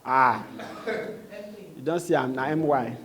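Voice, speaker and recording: A man's voice: mid-range voice, unhurried, fairly bright tone. A man with a Nigerian accent giving a live training talk, quizzing the room and repeating his points. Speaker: sales trainer.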